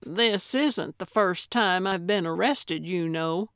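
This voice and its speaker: A woman's voice: on the low side, slow, a bit bright, no room sound, clean studio sound. A woman narrator voicing a stubborn, eccentric elderly woman sleuth who talks in an indignant, childish, proud way.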